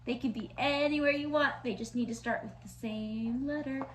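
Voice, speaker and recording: Woman, preschool teacher, high and unhurried, exaggerated phonics, slight room echo and faint hiss. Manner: slow, sing-song, exaggerated letter sounds. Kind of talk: online lesson for young children. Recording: echoey room with faint noise.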